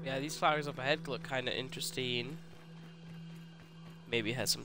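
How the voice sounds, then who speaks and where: A man's voice: mid-range voice, moderate pace, pauses often, pushed and bright, rough recording. A young man streaming a survival game, joking with his viewers and talking to the bugs on screen. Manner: jokey, talks to his viewers and to the game creatures. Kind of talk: live gameplay commentary.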